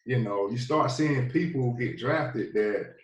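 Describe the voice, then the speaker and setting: A man in his thirties with a Southern US accent, telling his story in a relaxed, rambling way as a podcast guest. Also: medium pitch, measured pace. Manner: laid-back, rambling, many fillers. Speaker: podcast guest, former football player. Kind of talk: casual storytelling interview. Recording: echoey, a bit distant from the mic.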